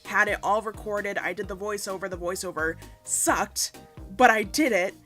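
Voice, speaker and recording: A young woman chatting casually over a game speed build, rambling and self-deprecating, with sudden playful asides. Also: normal speed. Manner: rambling, self-deprecating, bursts into squeaky silly voices. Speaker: gaming YouTuber. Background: soft background music.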